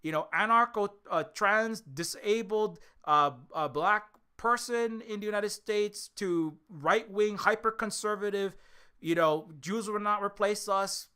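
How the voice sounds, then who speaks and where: Loud, profane ranting streamer. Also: mid-range voice, measured pace, clear, resonant tone. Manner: loud, profane, swings from shouting to muttering. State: strained vocal cords. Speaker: indie game developer streaming. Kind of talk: angry ranting livestream.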